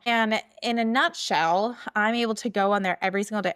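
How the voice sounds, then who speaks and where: A woman's voice: mid-range voice, fairly even intonation, brisk, hardly any pauses, a bit bright, clear, resonant tone. A woman hosting a podcast, talking casually and chattily, full of "like" and "okay?" checks. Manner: chatty, filler-heavy, with many "like"s and "okay?"s. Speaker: podcast host. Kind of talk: casual solo podcast talk.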